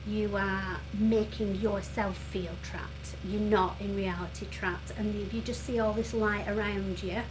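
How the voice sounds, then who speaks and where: A woman giving a tarot reading who speaks gently and earnestly, with many pauses and fillers, and who sounds emotional and close to tears. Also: mid-range voice, steady tone, over music, low-quality recording. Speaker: tarot reader. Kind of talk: reassuring tarot reading to viewers.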